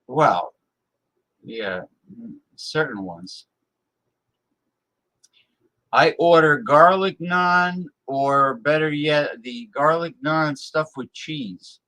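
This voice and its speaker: A man's voice: on the high side, lively intonation, drawn-out words, pauses often, pushed and bright. A man hosting a live-stream talk show, ranting bluntly and scornfully as he reacts to his viewers' chat.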